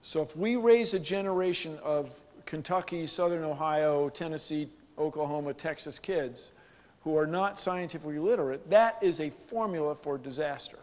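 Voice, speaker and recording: A man from the United States giving an animated, joking conference keynote to a live audience. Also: a little high, moderate pace. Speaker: keynote speaker. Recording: long hall reverb.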